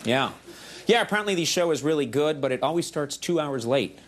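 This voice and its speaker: A man in his forties hosting a late-night show, delivering a quick, self-mocking comedy monologue with shouty outbursts on a studio stage. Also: a little high, lively intonation, noisy background. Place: television studio stage before live audience. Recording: VHS archive broadcast with loud audience.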